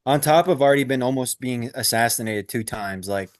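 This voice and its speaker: A man's voice: mid-range voice, fairly quick, dry recording, clean studio sound. A man co-hosting a podcast, rambling and swearing in casual chat. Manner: rambling, profane. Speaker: podcast co-host.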